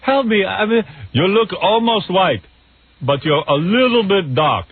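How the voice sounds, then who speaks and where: A man's voice: high voice, lively intonation, measured pace, pitched above the performer's own voice. A man doing a mock action-hero accent. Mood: mock pleading. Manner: pleading, exaggerated, mocking. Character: muscle-bound action hero with a thick foreign accent. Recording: lo-fi phone-like radio with crowd noise.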